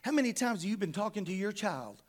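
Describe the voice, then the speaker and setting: A man's voice: sits high, very animated, fast talker. A middle-aged male pastor preaching a sermon, emphatic and conversational, full of rhetorical questions to the congregation.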